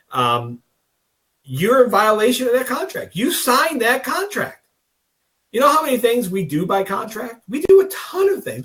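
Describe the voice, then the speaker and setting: Over a video call, a man with a high-sitting, somewhat bright voice co-hosts a political podcast. His casual political talk is folksy, rambling, and emphatic, and he acts out little dialogues.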